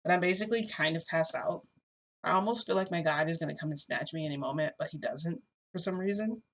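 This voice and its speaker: A woman telling a long story to her camera in a rambling, animated way, with lots of fillers, filmed indoors at home. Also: low voice, quick pace, slight background noise. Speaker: vlogger. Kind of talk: casual storytelling vlog. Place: indoors at home under a bright light.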